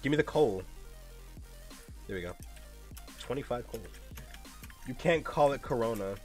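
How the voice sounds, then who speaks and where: A man's voice: medium pitch, lively intonation, unhurried, a little mellow, faint music behind. A young man streaming a game, chatting casually in a joking, profane way with frequent laughs. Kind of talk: casual gameplay chat.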